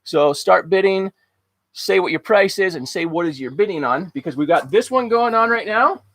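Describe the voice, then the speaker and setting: A man's voice: high voice, lively intonation, moderate pace, a bit bright, no echo. A man hosting a casual live-stream auction, talking in an upbeat, rambling way with lots of fillers. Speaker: livestream auction host. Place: outdoors at home after rain.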